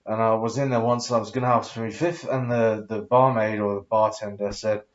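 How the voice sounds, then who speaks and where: A man's voice: on the low side, fairly even intonation, a little fast, highs cut off. A tipsy man in his thirties telling a rambling, sweary story full of fillers and hesitations. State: tipsy after drinking. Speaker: vlogger.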